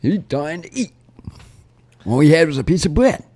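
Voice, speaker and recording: A man hosts a loose casual talk show, rambling and circling back on his own words. His voice sits a bit high and swings widely in pitch. The sound is close and dry. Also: very animated, normal speed, darkish tone, slightly rough, no room sound. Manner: rambling, repeats himself, wavers in pitch. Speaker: show host. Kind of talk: casual chat.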